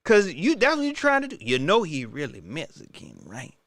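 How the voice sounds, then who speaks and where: A man's voice: fairly high pitch, wildly swooping pitch, normal speed, a bit bright, dry recording, studio quality. A man giving a casual, joking sports rant, incredulous and repeating himself for effect. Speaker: sports commentator.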